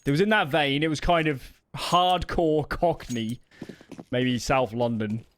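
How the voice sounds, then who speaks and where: Laid-back male co-caster, mid pitch, thoughtful and hesitant, with faint background noise. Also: a little slow. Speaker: esports co-commentator. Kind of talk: color commentary.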